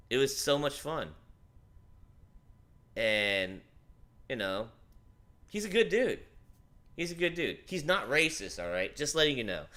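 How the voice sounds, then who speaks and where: Bright-voiced man telling a rambling story. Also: fairly low pitch. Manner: rambling, animated, swears casually. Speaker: livestream host. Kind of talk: casual storytelling.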